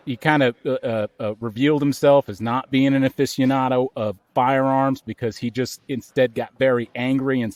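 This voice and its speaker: A man's voice: no echo, lightly acted. A man playing a lazy, bumbling police officer who rambles and stammers in an improv comedy scene. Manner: rambling, stammering, jumping up in pitch.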